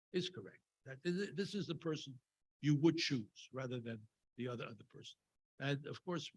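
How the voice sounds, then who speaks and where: A fairly high-pitched man delivers a conversational Torah talk at a Shabbat service, drifting into wry asides and lots of fillers while recounting a scripture story. The rough recording carries a little hiss or hum.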